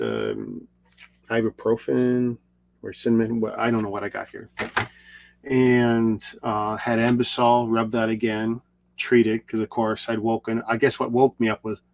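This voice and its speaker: Gravelly man telling a rambling story. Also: fairly low pitch, unhurried, slight background noise. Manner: rambling, repeats and restarts. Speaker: video creator.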